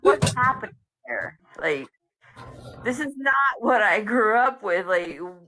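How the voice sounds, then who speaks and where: A woman hosting a live stream in casual chat, animated and emphatic, saying "dude" and "like" a lot. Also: medium pitch, measured pace, faint music behind, rough recording.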